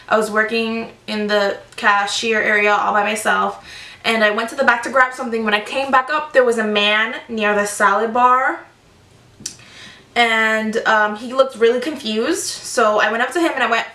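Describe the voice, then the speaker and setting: A woman in her twenties telling retail stories in a chatty, animated storytime vlog. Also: fairly high pitch. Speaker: vlogger. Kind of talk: casual storytime. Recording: echoey room, distant mic.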